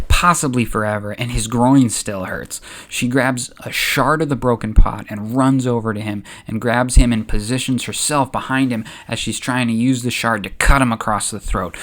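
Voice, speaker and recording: A man hosting a channel, narrating a story in a casual, chatty way. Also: medium pitch. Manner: chatty, relaxed, uses fillers. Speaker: YouTube host.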